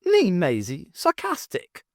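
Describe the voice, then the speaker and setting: A woman's voice: mid-range voice, very animated, normal speed, no room sound, clean studio sound, voice pushed up, natural voice. A woman doing a sarcastic plump cook. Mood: teasing. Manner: blunt and sarcastic. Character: plump earthy female cook, teasing.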